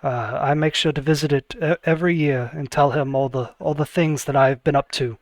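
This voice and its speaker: A man's voice: on the high side, fairly even intonation, brisk, no room sound, natural voice. A man voicing a gracious, grieving noblewoman artificer who speaks politely and hesitantly.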